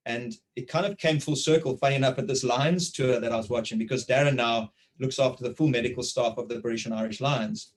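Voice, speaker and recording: A South African man in his forties interviewing over a video call, telling anecdotes in a lively way and often repeating words. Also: medium pitch, fairly quick, few pauses, low-quality recording. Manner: animated storytelling, repeats words. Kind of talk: conversational interview.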